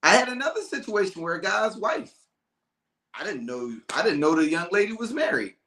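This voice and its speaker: A man hosting a casual talk show, telling stories with lively acted-out dialogue. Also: high-pitched, moderate pace, roomy sound. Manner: animated storyteller, acts out calm and angry callers. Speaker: podcast host. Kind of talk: casual storytelling chat.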